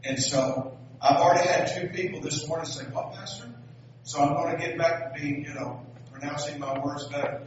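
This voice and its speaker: A man's voice: fairly high pitch, fairly even intonation, brisk, slight background noise. A pastor with a Southern US accent preaching a sermon, folksy and joking as he tells stories. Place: church sanctuary. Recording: echoey hall, distant dull mic.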